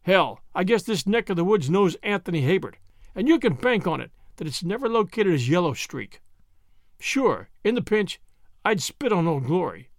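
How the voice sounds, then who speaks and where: A man's voice: high voice, big pitch swings, normal speed, dry recording, studio quality. A man doing a blustering gray-haired American. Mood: defiant. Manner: blustering, defiant, explosive. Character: gruff angry older American man.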